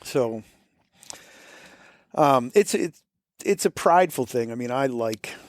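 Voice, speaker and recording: A man's voice: mid-range voice, expressive, takes it slowly, dry recording, clean studio sound. A man from Florida with a faint Boston accent, chatting in an interview and rambling with many fillers and restarts. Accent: American, faint Boston. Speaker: musician guest. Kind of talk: casual interview chat.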